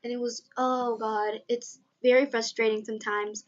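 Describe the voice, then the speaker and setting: A woman's voice: on the high side, level tone, normal speed, muffled recording. A teenage girl rambling casually in a vlog, with lots of fillers. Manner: rambling, chatty, many fillers. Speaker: vlogger.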